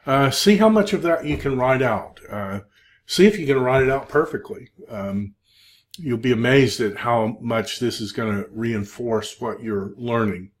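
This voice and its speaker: A man teaching a recorded Hebrew lesson, speaking haltingly with many fillers and drilling word forms. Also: mid-range voice. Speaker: Hebrew instructor. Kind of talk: recorded lecture.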